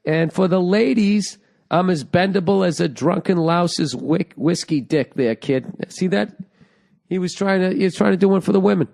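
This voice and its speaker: A man's voice: high-pitched, normal speed, vocal fry, a little mellow. A man hosting a casual comedy podcast, joking crudely and reading out listener emails, with a sore throat. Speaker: podcast host.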